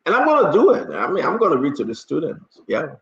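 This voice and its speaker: A man's voice: on the high side, wildly swooping pitch, quick pace, a bit bright, lo-fi sound. Teasing Liberian man hosting a talk show. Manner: teasing, pushy questioning with many restarts. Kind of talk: casual political talk show.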